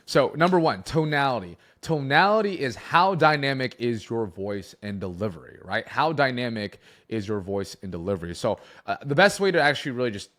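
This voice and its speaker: A young man coaching on sales, talking to camera in an animated way, shifting his emphasis and pace for effect. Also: mid-range voice.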